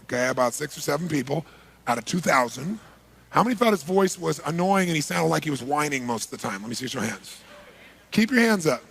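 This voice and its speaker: A man giving a live seminar talk to a large audience, energetic and punchy, polling the crowd with quick questions. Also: on the high side. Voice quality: gravelly, husky. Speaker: seminar speaker.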